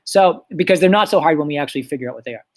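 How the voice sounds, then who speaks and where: A man's voice: a little high, very fast. Man teaching with easy, filler-laden explanations. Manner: relaxed explaining, lots of fillers. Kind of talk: recorded classroom lesson.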